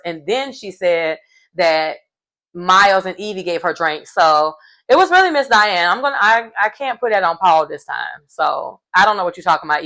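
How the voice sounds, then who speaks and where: A woman's voice: fairly low pitch, bright, forceful tone. A woman giving a casual, gossipy recap of a reality show, chatty and acting out quotes as she goes.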